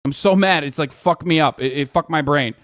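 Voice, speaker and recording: A man's voice: a little high, brisk, a bit bright. A man streaming a reaction video, ranting heatedly and profanely and tripping over his words. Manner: profane, ranting, talks over himself with restarts. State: agitated, at times shouting.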